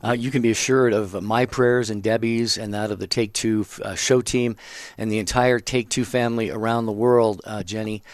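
Middle-aged male co-host, lowish voice, dry close mic, earnest and chatty. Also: steady tone, normal speed, no room sound. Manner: earnest, with many "you know" fillers. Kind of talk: casual radio talk show.

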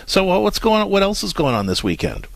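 A middle-aged man hosting a call-in parenting advice radio show, talking fast and animated, often repeating words as he starts a thought. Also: high voice, creaky, no room sound.

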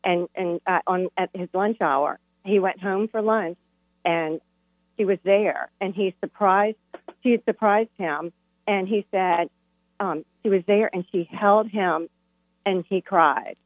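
A woman's voice: medium pitch, measured pace, dry recording. A middle-aged woman calling in to a radio show, telling a heartfelt personal story. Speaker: caller. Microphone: telephone. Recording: tinny phone line with hum.

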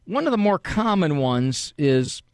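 Animated, gravelly-voiced male radio host. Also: a little high, unhurried, no room sound, studio quality. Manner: animated, folksy, acts out parents' quotes. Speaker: radio show host and psychologist. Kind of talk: casual radio talk.

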